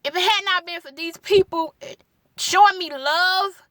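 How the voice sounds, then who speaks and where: A woman's voice: very high voice, moderate pace, fairly bright tone, no room sound, studio quality. A young woman, a gospel singer, giving an emotional personal testimony, pleading and repeating her words for emphasis, at times tearful. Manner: pleading, repeats phrases for emphasis, Southern Black church cadence.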